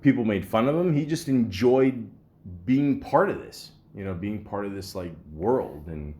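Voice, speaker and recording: Male podcast host, low voice, loose rambling chat with frequent laughter, mic'd up close. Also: animated, normal speed, dark tone, a little hiss or hum. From Canada. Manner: rambling, laughing often, heavy on fillers. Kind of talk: casual chat.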